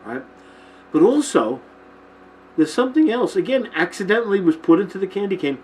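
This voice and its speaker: A man's voice: sits high, big pitch swings, a little fast, darkish tone, slight background noise, poor audio. A man hosting a Christian teaching show, talking informally to his camera and checking in with listeners often. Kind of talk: informal Bible-themed talk to camera. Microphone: camera mic, filming himself.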